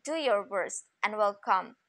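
A woman's voice: mid-range voice, expressive, measured pace, a bit bright. A woman doing a grumbling cruel carter. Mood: scornful.

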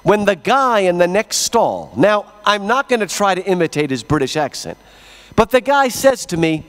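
A middle-aged man from Texas giving a lecture as a plenary speaker, an animated, joking storyteller. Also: sits high, moderate pace, clear, resonant tone. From Texas, USA.

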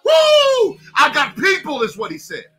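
A male pastor giving a fervent devotional sermon, calling out to listeners by name and now and then breaking into shouts. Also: extremely high pitch, animated, normal speed, soft background music.

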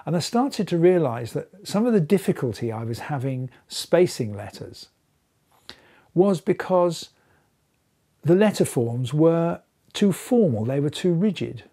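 A man's voice: on the high side, very animated, unhurried, dark tone. A man in his seventies, a letter carver, explaining his craft in a thoughtful documentary interview with small restarts. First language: English. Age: 70s.

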